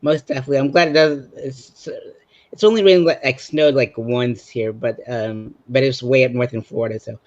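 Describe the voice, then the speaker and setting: A man's voice: medium pitch, steady tone, normal speed, darkish tone, no room sound. Man hosting with stock replies. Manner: filler-heavy, repeats stock replies. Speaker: podcast host. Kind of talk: casual interview hosting. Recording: dry, dull lo-fi mic.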